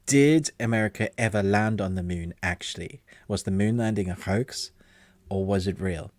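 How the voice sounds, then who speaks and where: A man's voice: lowish voice, moderate pace, a little mellow, dry recording. A man co-hosting a casual movie chat, rambling and laughing easily. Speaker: podcast co-host.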